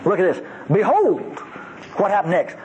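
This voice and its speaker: A man with a drawl preaches a teaching sermon in a fairly high voice that leaps up and down as he leans on words. He is folksy and emphatic, dropping playful asides between readings of scripture. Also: very animated, moderate pace, darkish tone, highs cut off, slight background noise. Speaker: Bible teacher.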